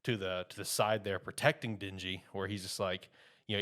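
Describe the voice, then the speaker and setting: Young male podcast co-host, lowish voice, loose rambling casual delivery. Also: steady tone, fairly quick, a bit bright. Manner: loose and rambling, full of "you know" and "like". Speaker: podcast co-host reviewing anime. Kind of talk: casual chat.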